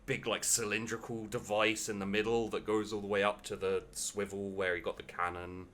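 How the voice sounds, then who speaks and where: A man's voice: on the low side, flat delivery, moderate pace, a bit bright, slight background noise. A man narrating as game master of a tabletop game, describing scenes with many hesitations and fillers. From England. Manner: hesitant, many ums and likes.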